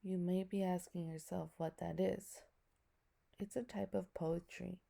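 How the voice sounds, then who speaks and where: A woman's voice: fairly low pitch, steady tone, unhurried, vocal fry, warm tone. A woman teacher giving a recorded lesson to her students, explaining patiently step by step and asking them questions.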